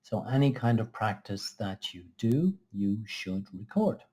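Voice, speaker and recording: A man teaching English pronunciation, explaining exercises in a slow, careful, measured way. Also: on the low side, very animated, darkish tone, slightly rough. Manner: slow, careful, measured delivery with small restarts. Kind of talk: scripted lesson explanation.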